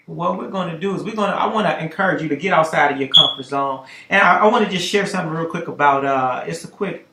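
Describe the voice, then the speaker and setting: A man telling a story on a talk show, lively, getting loud and high at dramatic moments. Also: fast, gravelly, echoey room, a little hiss or hum. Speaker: podcast host telling a story. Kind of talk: animated storytelling.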